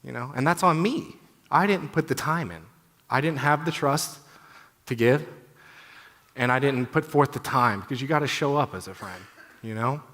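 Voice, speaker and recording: With frequent pauses and a moderate pace, a man in his thirties shares his testimony at a conference in a medium-pitched, slightly bright voice. His tone is candid and heartfelt, casual and full of "you know"s, echoing with the long reverb of a big hall.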